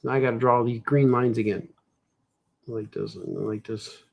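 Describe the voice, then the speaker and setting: A man's voice: medium pitch, moderate pace, creaky, dull audio. A man cartoonist thinking aloud in a casual drawing vlog, rambling and muttering to himself as he works. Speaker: cartoonist and comic shop host.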